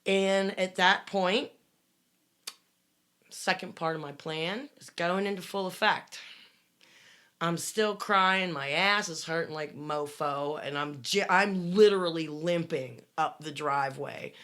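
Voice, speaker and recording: A middle-aged woman telling a dramatic personal story on a podcast, swearing freely and rising to loud bursts. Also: on the low side, unhurried. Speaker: guest telling her story.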